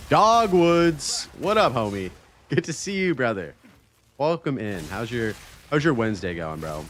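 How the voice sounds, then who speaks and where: A man streaming a video game live, chatting casually with his viewers, excitable and swearing freely. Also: medium pitch, measured pace, a little hiss or hum. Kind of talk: casual live-stream chat while gaming.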